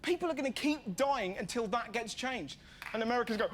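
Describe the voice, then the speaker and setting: A man with an English accent doing stand-up comedy, sarcastic and punchy, shouting the punchlines. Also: very high-pitched, animated, fairly quick. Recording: TV clip with loud background noise.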